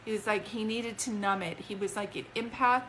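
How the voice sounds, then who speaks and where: A woman's voice: mid-range voice, steady tone, a little fast, a bit bright, slight background noise. A woman working as a psychic medium on a live stream. She rambles with emotion, breaks off mid-sentence, and speaks both to an unseen spirit and to a viewer, into a phone.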